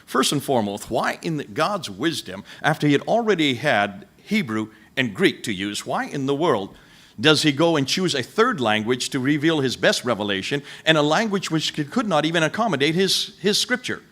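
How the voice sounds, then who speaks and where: Male lecturer, animated and emphatic, hits listeners with rhetorical questions. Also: a little high, moderate pace. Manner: speaks directly to listeners in the room. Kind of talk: lecture to a live audience.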